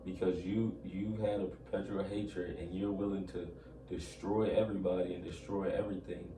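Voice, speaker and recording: A man teaching from scripture, reading old-style verses in a measured, solemn way and then explaining them. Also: low-pitched, little pitch movement, background noise. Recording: echoey room, distant mic, music behind.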